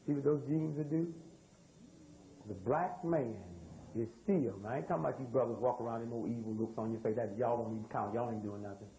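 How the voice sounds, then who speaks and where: A man's voice: a little high, mellow, rough recording. An American man giving a live lecture in a room with an audience. He tells stories in loose, drawling speech and keeps asking the crowd questions. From United States. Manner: drawling, loose spoken grammar. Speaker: speaker addressing an audience. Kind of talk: live lecture with call-and-response.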